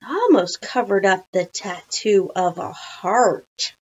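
A woman teacher reading a children's storybook aloud, with chatty, animated asides. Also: mid-range voice, slow pace, highs cut off, slight background noise.

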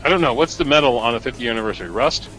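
A man with a New Jersey accent, co-hosting a casual live-stream chat, animated and talkative with quick asides. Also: medium pitch, faint music behind, rough recording.

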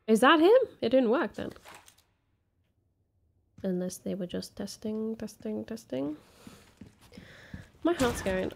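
A woman's voice: fairly high pitch, lively intonation, slow pace, gravelly, long pauses, darkish tone. A woman playing a horror game while commenting casually, jittery and swearing, repeating herself when scared. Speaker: let's play gamer.

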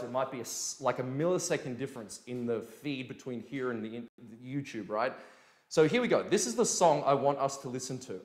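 Energetic male dance teacher, echoey room. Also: medium pitch. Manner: energetic, demonstrates beats with sound words. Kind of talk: live-streamed dance lesson, casual explaining.

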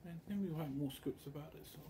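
A man's voice: a little high, fast, warm tone, slight background noise. A man talking in a loose, meandering monologue, often slipping into quoted voices as he tells his story. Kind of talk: rambling monologue.

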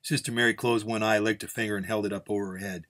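A man's voice: lowish voice, steady tone, fast, fairly bright tone. Man reading a Western story aloud. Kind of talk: storytelling narration.

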